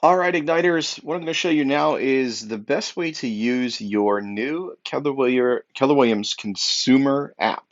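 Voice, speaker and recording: A man's voice: mid-range voice, expressive, moderate pace, hardly any pauses, dull audio. A young man, an upbeat real estate technology trainer, giving an emphatic walkthrough with lots of fillers.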